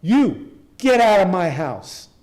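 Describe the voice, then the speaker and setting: A man putting on a furious, indignant host who is ordering an unwelcome guest out. The voice is raised in pitch and is shouted at a slow pace. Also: animated. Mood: yelling. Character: furious wealthy man throwing a party.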